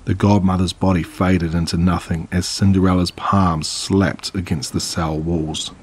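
Deep, husky male horror narrator. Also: little pitch movement, unhurried, a little mellow.

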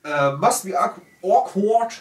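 A German man with a German accent, casually reading out viewer comments in halting, self-correcting English. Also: high-pitched, lively intonation. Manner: halting, self-correcting, laughs at own words. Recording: roomy sound from a distant mic.

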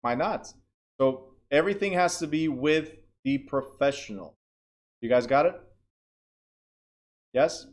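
A man's voice: on the high side, a little slow, long pauses. A man teaching a real estate class in a plain, direct way, often checking that students understand.

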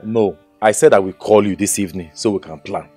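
An actor with a Nigerian accent playing a restless, evasive fiancé who turns defensive in a movie drama. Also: male voice, fairly quick, husky. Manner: defensive, evasive, bursts into high shouts. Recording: faint background music score.

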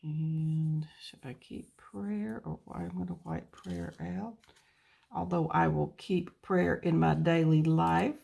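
A woman with a low, husky, gravelly voice and a dark, steady tone speaks slowly while hosting a plan-with-me video. She chats casually to herself and her viewers as she decorates a planner page, and birds chirp outside.

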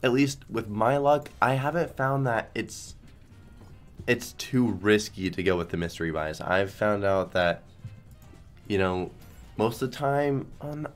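A young man who is sick and coughing, chatting casually and rambling as he streams a slot game. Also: lowish voice. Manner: rambling, self-deprecating, lots of restarts. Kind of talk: casual gambling stream commentary.

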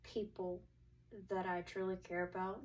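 A young woman in easy conversation, her voice picked up from some distance away from the mic. She talks in a relaxed way, restarting and trailing off, and keeps murmuring mm-hmm while her friend speaks. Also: on the low side, a little slow. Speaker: co-host. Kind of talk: casual chat.

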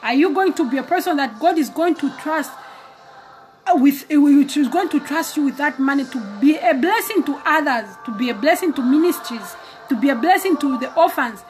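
Woman preacher exhorting, high voice, soft music in the back. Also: lively intonation, normal speed. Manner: exhorting, acting out prayers and dialogues. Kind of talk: casual sermon video.

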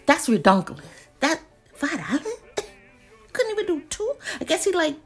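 Playful woman with a lively, swooping voice. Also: high voice, normal speed, soft background music. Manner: playful, talks to herself, drops into whispers and laughs. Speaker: vlogger reviewing shopping deals. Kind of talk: casual chatty check-in.

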